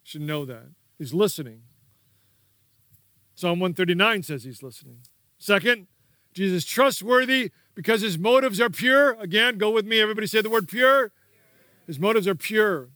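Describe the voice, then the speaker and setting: A man's voice: high-pitched, moderate pace, sharp tone, dry recording, clean studio sound. A man preaching a sermon as pastor, emphatic and repetitive, prompting the congregation to repeat key words.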